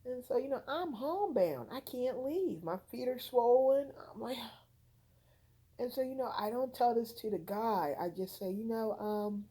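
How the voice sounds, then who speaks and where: A woman's voice: on the high side, lively intonation, measured pace, warm tone, breathy edge, low-quality recording. A tired woman from the United States, telling her own story in a rambling, frank, conversational vlog at home. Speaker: content creator.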